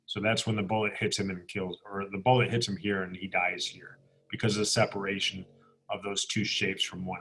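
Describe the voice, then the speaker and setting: A man's voice: fairly low pitch, fairly bright tone. A man teaching an art class, walking students through comic book pages in a recorded lecture, explaining as he goes and often restarting phrases. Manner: explanatory, with frequent restarts and "okay?" check-ins. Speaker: art instructor.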